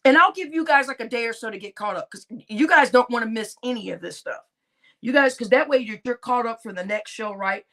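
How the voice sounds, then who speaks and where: A woman's voice: fairly high pitch, a little fast, bright, forceful tone. A woman hosting a casual live stream, chatting and laughing with her viewers and addressing them as y'all. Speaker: livestream host.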